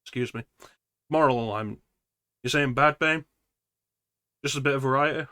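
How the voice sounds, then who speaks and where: A man's voice: medium pitch, fairly even intonation, brisk, pushed and bright, no room sound. A man streaming a horror game, chatting casually with his audience and making sarcastic jokes. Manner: joking, sarcastic asides. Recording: noisy stream audio.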